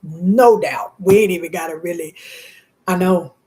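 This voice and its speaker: A woman's voice: fairly low pitch, measured pace, dark tone. Heartfelt casual woman reading tarot. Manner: casual and slangy, speaking to the viewer and to spirit guides; heartfelt, often laughing between words. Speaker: tarot reader. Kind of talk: live-stream tarot reading.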